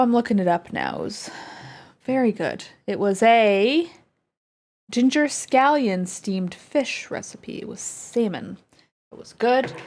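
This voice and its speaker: A woman's voice: medium pitch, darkish tone. A woman from the United States streaming, chatting casually with her viewers and cooing at her dog between topics. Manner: chatty, talks baby talk to her dog.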